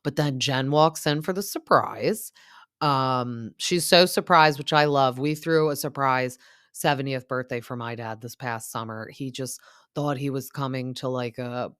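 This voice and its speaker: A woman's voice: a bass voice, unhurried, a bit bright, smooth, no echo, clean studio sound. A woman hosting a casual reality TV recap, gossipy and opinionated, with plenty of fillers. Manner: chatty, lots of fillers like "like" and "um".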